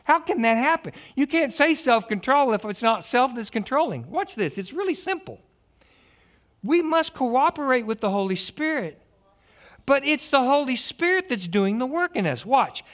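A man preaching a lively sermon, joking, stammering and restarting his sentences. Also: very high-pitched, moderate pace. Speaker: pastor.

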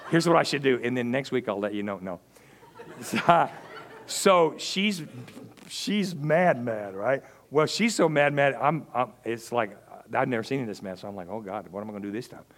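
A middle-aged man, a pastor preaching and telling humorous personal stories. He swings between loud preaching and hushed, confiding asides. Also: mid-range voice, expressive, unhurried. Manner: humorous storyteller. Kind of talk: sermon with personal storytelling.

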